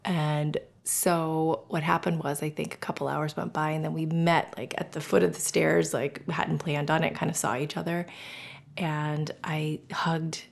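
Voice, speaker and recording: A woman's voice: sits low, unhurried, creaky. A middle-aged woman hosting a personal podcast, talking candidly and emotionally, swearing freely and acting out scenes. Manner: animated, acts out scenes in whispers and voices. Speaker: podcast host.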